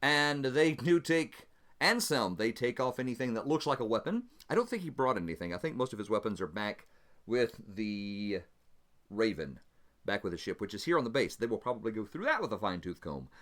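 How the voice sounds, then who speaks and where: Man, solo tabletop game host, casual narration, chatty, laughs easily, animated pitch. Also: fairly quick.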